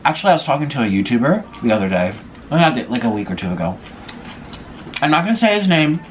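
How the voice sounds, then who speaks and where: A young man talks to his viewers between bites, spilling gossip in a lively, up-and-down voice. The delivery is loose and chatty. A faint hum of the room sits underneath. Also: medium pitch, fast talker. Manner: gossipy, chatty, eating while talking. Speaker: vlogger. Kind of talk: casual mukbang chat.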